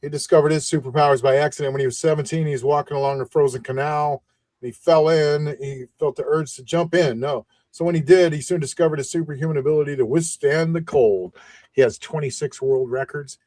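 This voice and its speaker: A man's voice: a little high, fairly even intonation, brisk, a little mellow, no room sound. Casual joking male podcast host. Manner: loose and jokey, trails off while reading. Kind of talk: casual chat.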